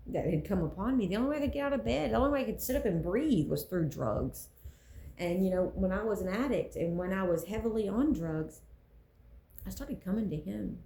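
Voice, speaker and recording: A woman's voice: lowish voice, darkish tone, roomy sound, slight background noise, low-quality recording. A woman speaking earnestly about her faith, preaching in a casual way and repeating phrases for emphasis. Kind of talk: personal faith talk.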